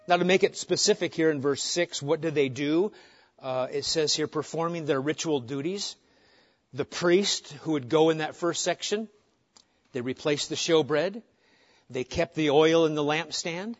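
A man preaching a sermon as pastor, asking his listeners question after question and moving between loud emphasis and soft pleading. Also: fairly high pitch, moderate pace. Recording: muffled lo-fi sound.

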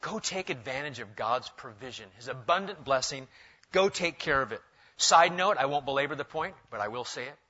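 A middle-aged male pastor preaching a sermon, animated, changing pitch and pace for emphasis. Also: a little fast, husky. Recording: dull lo-fi sound.

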